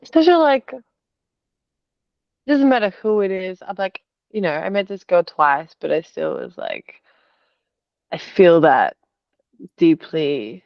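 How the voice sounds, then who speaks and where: A young woman from Australia talks through a hard week in a loose, rambling way, leaning on filler words. Her voice sits low for a woman. The video call audio is dull and lo-fi, with a dry, close sound. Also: big pitch swings, a little slow, long pauses, dry recording. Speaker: artist sharing in a group call. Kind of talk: casual emotional storytelling.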